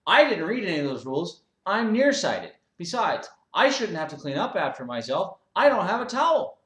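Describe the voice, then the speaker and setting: A man doing a petulant, entitled gym member whose voice jumps up high and loud whenever he protests. He whines in a pushy way, and the echo of the room hangs around every word. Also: big pitch swings, moderate pace. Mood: indignant whining. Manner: indignant, loud and high-pitched complaining. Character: whiny entitled overweight male gym member. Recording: roomy echo.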